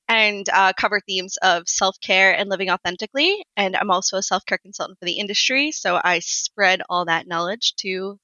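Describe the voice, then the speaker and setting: A woman from Ireland with an Irish accent, a podcast guest who talks in a lively, playful way and laughs often. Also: mid-range voice, dry recording, highs cut off. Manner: lively and quick to laugh, uses playful examples. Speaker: podcast guest, game studio founder. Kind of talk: conversational interview.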